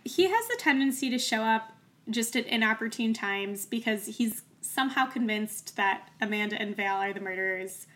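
A woman co-hosting a casual book podcast, jokey and animated, acting out characters as she retells the story. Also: a little high, moderate pace. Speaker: podcast co-host. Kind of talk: casual book-review chat.

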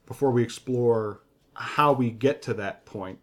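A man in his middle years co-hosts a podcast about game design. He thinks aloud, circling back and rephrasing mid-sentence. His pitch sits at an ordinary middle for a man. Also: a little slow. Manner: thinking aloud, frequent restarts and self-corrections. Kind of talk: casual design discussion.

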